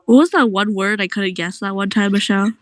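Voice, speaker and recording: A woman's voice: mid-range voice, fairly quick, dry recording. A woman chatting casually with friends, talkative and laughing often. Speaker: friend in a gaming chat. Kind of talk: casual chat.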